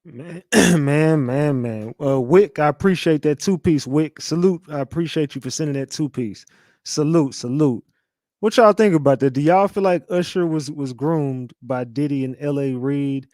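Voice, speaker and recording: A man hosting a live reaction stream, talking animatedly, swearing often and shouting out viewers. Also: fairly high pitch, moderate pace, dry recording, studio quality.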